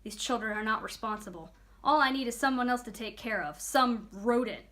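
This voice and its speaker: A woman's voice: on the high side, fast, sharp tone. A woman reading a children's book aloud, voicing a stern female teacher who talks firmly and grumbles when cross. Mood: grumbling.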